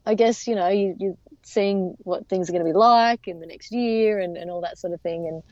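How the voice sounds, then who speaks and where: A woman's voice: medium pitch, moderate pace, a little mellow, dry recording. A woman, telling her story as an interview guest in a chatty way full of fillers and restarts. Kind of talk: casual storytelling. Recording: dull lo-fi sound.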